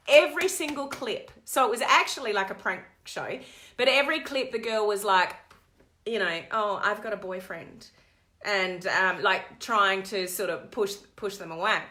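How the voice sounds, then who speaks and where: A woman coach talking live to her online community, telling a digressive story in an animated way. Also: medium pitch. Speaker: network marketing coach. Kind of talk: live-stream chat to viewers.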